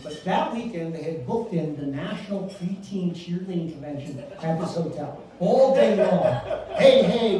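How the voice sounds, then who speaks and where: A man's voice: fairly high pitch, warm tone, a little hiss or hum. An older man telling a self-deprecating comic story on a live stage, chatty and full of asides. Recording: echoey room, mic far off.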